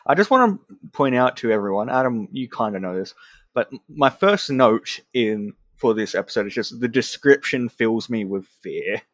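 Aussie guy on a podcast, dry close mic, tired and joking at himself, middle pitch. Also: animated, moderate pace, dry recording. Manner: self-deprecating, tired and offhand. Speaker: podcast co-host. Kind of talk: casual chat.

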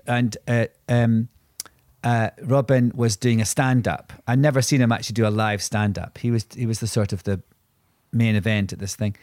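Man, podcast co-host, anecdotal and rambling, mid pitch, dry studio sound. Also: darkish tone, dry recording. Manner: rambling, self-interrupting anecdotes with many restarts. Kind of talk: casual storytelling chat.

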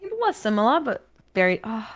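Young woman, New Zealand accent, casual podcast guest, chatty, animated, lots of fillers. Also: a little high, fast. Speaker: guest, streamer.

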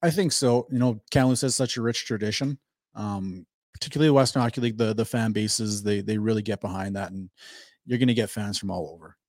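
A man guesting on a sports talk show as a hockey coach, talking in halting bursts with restarts. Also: on the low side, a little mellow, dry recording. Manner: halting, restarts words, eager.

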